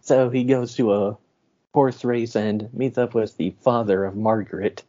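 A man's voice: on the low side, steady tone, a little slow, dark tone, muffled recording. A man co-hosting a film podcast, casually recapping a plot with easy laughs. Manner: laid-back, laughing storyteller.

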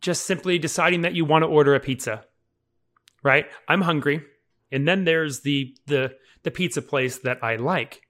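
Bright-voiced male podcast coach. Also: a little high, normal speed. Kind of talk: casual podcast chat.

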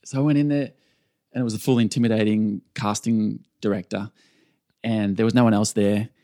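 A man's voice: on the low side, steady tone, brisk, dark tone, no room sound, studio quality. A man with an Australian accent, a stunt performer, telling stories in a laid-back podcast interview with lots of fillers and restarts. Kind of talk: casual storytelling interview.

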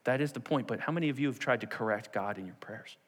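A man preaching a sermon to a congregation, animated and acting out the scenes of the story in different voices. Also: medium pitch, fast talker, long reverb tail. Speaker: pastor.

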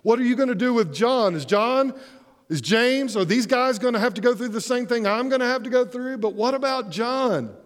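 A man's voice: extremely high pitch, lively intonation, moderate pace, long reverb tail, voice pushed up. A man voicing the apostle Peter as a grown man, fretting and pleading with rising questions about fairness. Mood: anxious.

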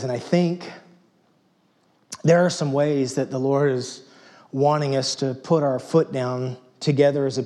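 A man from Texas delivers a sermon that sounds like easy conversation, joking as he tells a family story. His speaking voice sits a bit higher than most men's. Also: darkish tone. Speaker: pastor.

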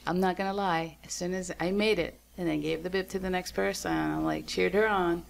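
Young woman rambling through a race story, laughs a lot, jumps up high when quoting people, faint hiss behind. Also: fairly quick, vocal fry. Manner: animated storyteller, acts out quotes in a high voice, laughs often. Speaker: guest runner. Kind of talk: casual podcast chat.

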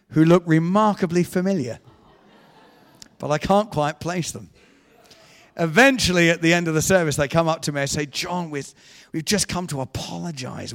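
A man preaching a sermon in a church, telling a story with animated delivery and acted-out voices. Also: on the high side. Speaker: guest preacher. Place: church hall. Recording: echoey church hall.

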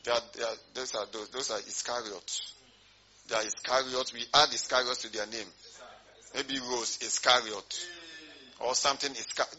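A man's voice: medium pitch, fairly even intonation, normal speed, bright, forceful tone. A man preaching a sermon to his congregation, often asking emphatic rhetorical questions. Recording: dull lo-fi sermon recording.

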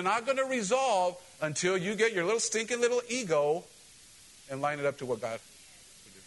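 Man, pastor, sermon, bright tone, very expressive pitch, joking asides. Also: low-quality recording. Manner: animated, joking, asks the congregation questions.

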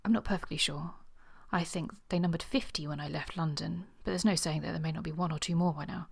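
A woman reading a charming, amused gentleman aloud from a novel, in a light, teasing manner. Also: low voice, steady tone, quick pace, creaky, husky, full character voice.

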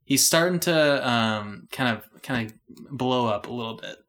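A man's voice: mid-range voice, lively intonation, measured pace, a bit bright. A young man co-hosting a casual music podcast, rambling with restarts and frequent laughs. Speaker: podcast co-host.

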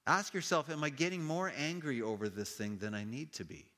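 A man preaching a sermon, telling stories in a lively way and acting out the people in them with playful voices. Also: fairly high pitch, brisk. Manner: animated storytelling with playful quoted voices. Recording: long hall reverb.

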